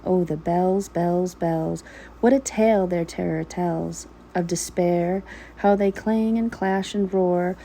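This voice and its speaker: Woman reciting poetry, gravelly and mellow. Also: on the low side, a little hiss or hum, low-quality recording. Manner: slow, emphatic recital with repeated words drawn out. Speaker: vlogger and mother of a large family. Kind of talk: dramatic poetry reading. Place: home kitchen while cooking.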